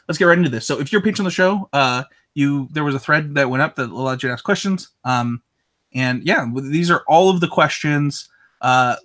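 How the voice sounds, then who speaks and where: A man's voice: a little high, fairly bright tone. Nervous, winded male podcast host. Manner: nervous, filler-heavy, laughing. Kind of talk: live podcast chat and sponsor reads.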